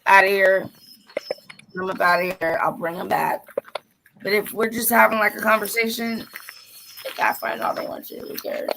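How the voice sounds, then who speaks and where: A woman hosting a casual livestream chat, blunt and animated, sometimes trailing off into near-whispers. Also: mid-range voice, moderate pace, creaky, pauses often, background noise. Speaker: livestream host.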